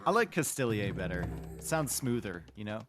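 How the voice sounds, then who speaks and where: A man co-casts a strategy game in a bright, forward voice. He speaks casually and teases his partner with dry humor. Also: on the low side, very animated, normal speed, slight background noise. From Canada. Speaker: co-caster. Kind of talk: casual game commentary with banter.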